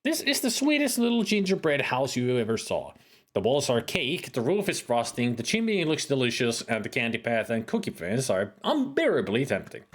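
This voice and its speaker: A man's voice: medium pitch, huge pitch swings, moderate pace. A man streaming a retro adventure game, casually reading the game text aloud with playful, sing-song emphasis.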